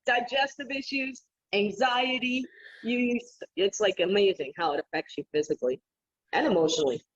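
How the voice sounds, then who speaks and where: A woman guest on a podcast, telling stories in an animated, casual way and laughing often. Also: mid-range voice, moderate pace, husky. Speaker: podcast guest, psychic healer. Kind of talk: casual interview storytelling. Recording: dull lo-fi remote audio.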